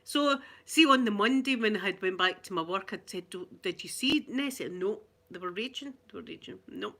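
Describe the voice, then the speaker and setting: A woman's voice: mid-range voice, a little fast, bright, forceful tone. A Glaswegian woman hosting a casual live chat, chatty and rambling, laughing often. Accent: Glaswegian Scottish. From Glasgow, Scotland.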